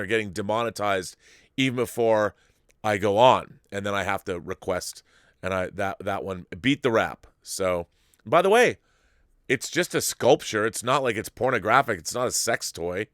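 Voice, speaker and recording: A man hosting a live-stream show, reading viewer messages and riffing on them in a rambling, animated way with frequent restarts. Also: on the low side, normal speed, clear, resonant tone, no echo, clean studio sound. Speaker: show host reading viewer super chats. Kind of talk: casual live-stream commentary.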